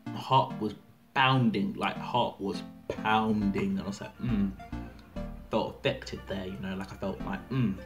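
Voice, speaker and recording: A man's voice: fairly low pitch, fairly even intonation, moderate pace. An eighteen-year-old man chatting casually to camera, rambling and full of fillers. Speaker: vlogger. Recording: music playing loudly behind.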